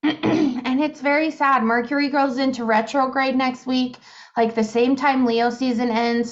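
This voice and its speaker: Podcast co-host: giggly woman in her thirties, fairly high voice, muffled lo-fi sound. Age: 30s. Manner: chatty, giggly, lots of fillers. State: hiccups. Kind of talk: casual chat.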